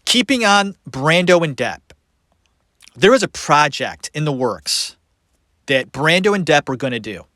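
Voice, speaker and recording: A man hosting a solo podcast, talking about actors in an animated, sarcastic way with frequent laughter. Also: on the high side, unhurried, dry recording. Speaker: podcast host.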